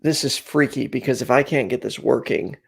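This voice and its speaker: A man's voice: mid-range voice, brisk, gravelly, breathy edge. A man hosting a casual call-in chat show from home, rambling and a bit anxious, with lots of fillers. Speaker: host. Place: home room, packing up for a move.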